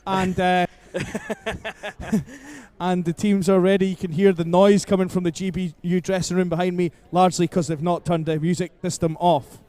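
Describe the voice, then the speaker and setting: A man's voice: sits high, fairly even intonation, moderate pace, warm tone. A man announcing over the public address at an ice rink, joking and laughing between lines. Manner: jokey, laughing asides. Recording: long arena reverb.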